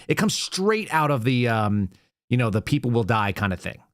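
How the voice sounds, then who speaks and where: A man's voice: mid-range voice, moderate pace, no echo. A man in his forties hosting a political commentary show, sarcastic and rambling, talking casually from a studio. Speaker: show host.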